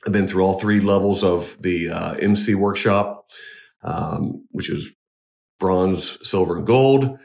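A man, a wedding DJ, talking in a casual interview, halting with many restarts but earnest. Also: deep voice, creaky, darkish tone. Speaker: wedding DJ and MC, guest.

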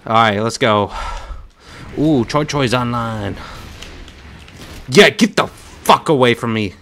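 A young man streaming a shooter game, talking casually and trash-talking loudly, swearing, with sudden shouted outbursts. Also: mid-range voice, slow pace, a little hiss or hum. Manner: loud, excitable trash talk, swearing, bursts of shouting. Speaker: gaming streamer. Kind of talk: casual gameplay commentary.

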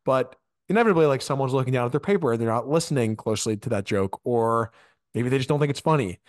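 A man hosting a podcast, asking questions in a halting, casual way. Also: mid-range voice, animated, no room sound, studio quality. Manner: halting, lots of fillers. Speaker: podcast host. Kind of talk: casual interview.

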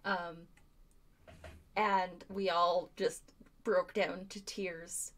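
A woman's voice: on the low side, flat delivery, drawn-out words. A woman co-hosting a live stream, chatting casually and rambling with many fillers. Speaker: co-host. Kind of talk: casual chat.

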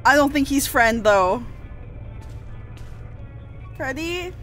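High-voiced woman screaming through a horror game. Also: slow pace, faint music behind. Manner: excitable, screams and laughs through scares. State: shaky and teary. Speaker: gaming streamer. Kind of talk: horror game let's play commentary.

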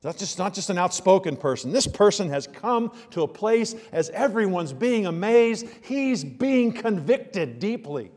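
A man preaching a sermon as a pastor, in a conversational style that swings between hushed asides and loud emphasis. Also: high voice, animated, unhurried, hardly any pauses, long reverb tail. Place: church sanctuary.

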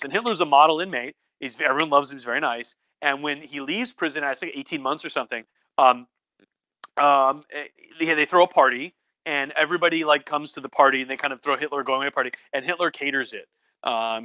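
A man's voice: mid-range voice, pushed and bright, no room sound. A tipsy male professor giving a rambling, casual livestream lecture at home, full of fillers and mock voices for quotes. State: drinking, tipsy.

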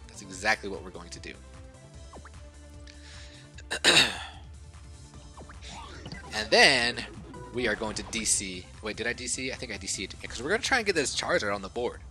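Excitable male gamer with a bright voice. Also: fairly low pitch, fairly quick, long pauses, soft background music. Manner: excitable, swings from mumbling to outbursts. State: coughing, short of breath. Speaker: gaming YouTuber. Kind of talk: casual game commentary.

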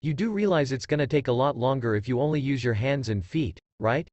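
A bored, deathless teenage ninja boy speaks bluntly and flatly, as a male reader puts him on. The voice still swings lively in pitch, close and dry as if read into a quiet mic. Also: fairly quick, dry recording, highs cut off, close to an everyday voice.

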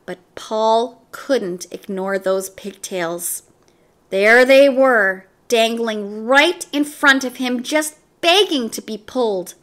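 A woman reading a children's book aloud, slow and expressive. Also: fairly high pitch. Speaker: storyteller.

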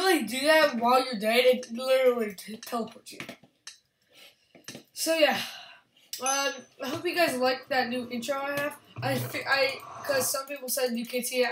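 A young woman giving excitable, rambling commentary over her own gameplay, yelling at opponents. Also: sits high. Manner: excitable, restarts often, yells at opponents. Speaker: gaming channel host. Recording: echoey room with faint background hiss.

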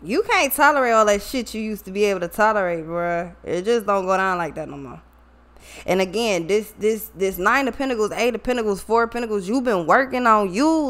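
A woman's voice: mid-range voice, lively intonation, fairly quick, a bit bright. A woman giving a casual tarot reading to her viewers, blunt and profane, often laughing and trailing off into asides. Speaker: tarot reader.

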